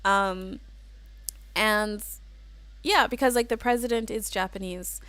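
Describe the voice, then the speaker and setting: A livestream host from the United States casually chats and giggles through viewer comments, her talk sprinkled with "like" and "um." She speaks slowly in a medium-pitched, steady, fairly bright voice, with no room sound.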